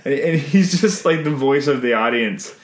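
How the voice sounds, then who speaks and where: A man's voice: mid-range voice, animated, moderate pace, reverberant, a little hiss or hum. A man hosting a podcast, chatting casually about a film with many restarts and easy laughs. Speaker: podcast host.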